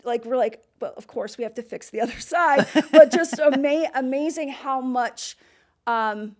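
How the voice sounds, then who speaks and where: A woman with a bright, higher voice talks as a guest about her stretch work. She is animated and sometimes hesitant, and she keeps jumping into little voices for her clients. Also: a little slow. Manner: animated, acts out clients, many fillers. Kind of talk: casual interview chat.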